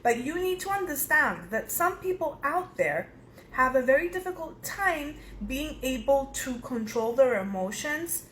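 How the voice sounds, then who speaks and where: A woman from Cyprus speaking as a personal development speaker, giving advice in a calm, measured, instructive monologue. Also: high voice, a little hiss or hum. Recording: roomy echo.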